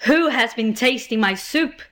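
A woman's voice: a little high, animated, unhurried, fairly bright tone. A woman voicing a great big male bear who cries out indignantly in a storybook reading. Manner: crying out indignantly.

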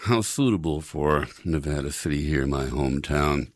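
Older male radio host, very deep voice. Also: normal speed, no echo, clean studio sound. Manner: rambling, reminiscing, many fillers. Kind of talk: casual radio talk.

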